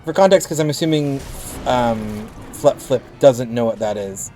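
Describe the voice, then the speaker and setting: A man's voice: medium pitch, moderate pace, mellow, soft background music. Man with a lisp, chatting while gaming. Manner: rambling, thinks aloud with restarts. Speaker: game streamer. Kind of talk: casual chat with stream viewers while gaming.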